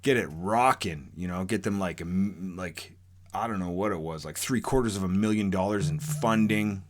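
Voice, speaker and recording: A man's voice: sits low, normal speed. A man telling a true story from his own life in a casual, rambling, profane way, full of fillers and restarts.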